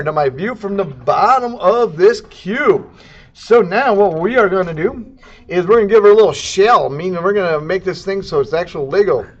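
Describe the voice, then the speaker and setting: Goofy high-voiced man teaching CAD. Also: dull audio, slight background noise. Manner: goofy, jokey, sound effects and silly accents. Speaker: CAD instructor. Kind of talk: casual screen-recorded tutorial.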